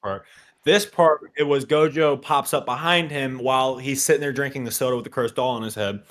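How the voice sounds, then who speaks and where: A man co-hosting a casual recap show, talking animatedly and acting out character lines. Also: brisk. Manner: animated, acts out character lines in a high shouting voice. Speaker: podcast co-host.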